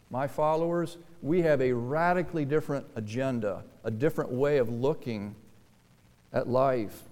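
A man's voice: mid-range voice, moderate pace, dark tone. Preaching man in a reverberant hall. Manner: conversational preaching that builds to emphatic, raised delivery. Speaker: pastor. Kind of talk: sermon.

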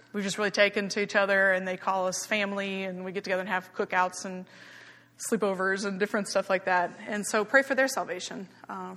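A woman giving a chatty, candid church report on her missionary work, teary in places. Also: mid-range voice. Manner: chatty and candid, laughing easily, softening when emotional. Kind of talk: informal church talk. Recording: long hall reverb.

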